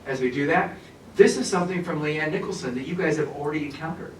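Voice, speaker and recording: Man, workshop presenter, animated and joking, talks to a live audience, voice a little high, heard from a distance. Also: quick pace. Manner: animated, humorous, addresses the audience. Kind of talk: professional development workshop talk. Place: conference room with an audience. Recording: roomy echo, speaker away from the mic, faint noise.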